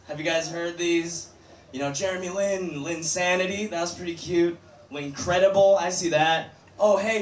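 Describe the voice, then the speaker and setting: A man's voice: high-pitched, slight background noise. A man doing stand-up comedy in an easygoing, chatty way. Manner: easygoing, chatty, lots of "you know". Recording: echoey club stage from far off.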